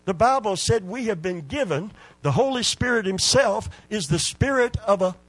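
A male preacher delivering a sermon, moving from hushed, drawn-out scripture lines to loud exhortation. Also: sits high, animated.

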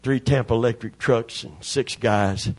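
A man, a preacher telling a folksy, animated story during a sermon. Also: mid-range voice, a little slow, breathy edge. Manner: folksy, animated, acts out voices.

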